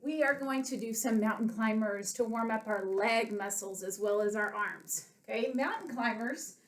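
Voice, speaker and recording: A woman's voice: a little high, normal speed. A woman, an elementary school PE coach, leading children through a home workout, counting reps aloud and explaining in simple words while a little out of breath. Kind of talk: home workout lesson for kids. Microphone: webcam from across the room. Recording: roomy webcam sound from a distance.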